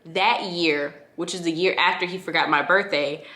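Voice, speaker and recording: Bright-voiced young woman, candid storytelling. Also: fairly low pitch, steady tone, normal speed. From Connecticut, USA. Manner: casual, heartfelt, filler-heavy, addresses listeners as y'all. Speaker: vlogger. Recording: echoey room.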